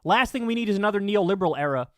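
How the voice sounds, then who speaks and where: A man's voice: high-pitched, lively intonation, very fast, dry recording, clean studio sound. Profane, ranting male commentator. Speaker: political commentary host. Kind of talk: heated political commentary.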